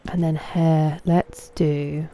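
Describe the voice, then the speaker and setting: A woman's voice: low voice, little pitch movement, extremely slow, dark tone. An English woman in her thirties streaming a game, chatting in a rambling, self-mocking way. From England. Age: 30s. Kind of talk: casual chat.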